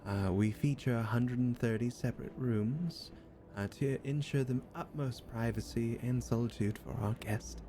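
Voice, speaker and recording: A man's voice: medium pitch, normal speed, background noise, natural voice. A man voicing a courteous elven woman who works at a spa, showing guests around with rambling tour-guide patter. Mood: welcoming.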